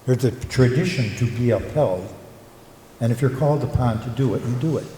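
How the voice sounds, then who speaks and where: An older man, a local historian and retired teacher, gives a reflective conference talk, pausing with fillers as he tells stories. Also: mid-range voice, warm tone. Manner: reflective storyteller, halting with fillers. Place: conference hall. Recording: echoey hall, faint room noise.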